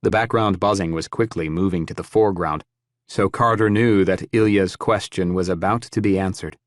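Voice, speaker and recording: A man narrating a post-apocalyptic audiobook in a steady, measured, grim way. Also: low voice. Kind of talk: scripted narration.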